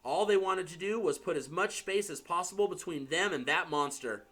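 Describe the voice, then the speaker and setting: A man narrating an audiobook in an expressive, dramatic storytelling manner. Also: high-pitched, normal speed. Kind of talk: audiobook reading.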